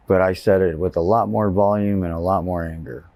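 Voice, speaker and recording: A man's voice: sits low, flat delivery, moderate pace, darkish tone, no echo. A man from Texas giving personal testimony in an interview, telling his story candidly and plainly.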